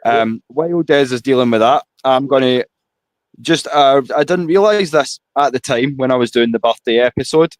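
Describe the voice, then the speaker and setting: A Scottish man hosts a casual podcast in an easygoing, friendly way. His voice is recorded dry and close, with no room echo. He fills gaps smoothly and keeps the chat moving. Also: mid-range voice, moderate pace. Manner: easygoing, friendly filler talk. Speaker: podcast host.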